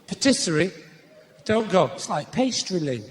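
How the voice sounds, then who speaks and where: A middle-aged Northern English comedian works a theatre crowd on stage, his voice pitched high and swinging widely. He jokes with the audience and suddenly shouts for effect. The live recording carries clear crowd noise underneath. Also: sing-song, normal speed. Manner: bantering with the audience, sudden loud outbursts. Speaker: stand-up comedian.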